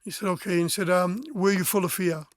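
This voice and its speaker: Fast-talking frank man, high voice. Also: fairly even intonation, dry recording, clean studio sound. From Wales. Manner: frank, blunt, swears, acts out remembered dialogue. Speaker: musician guest. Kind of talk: candid personal storytelling.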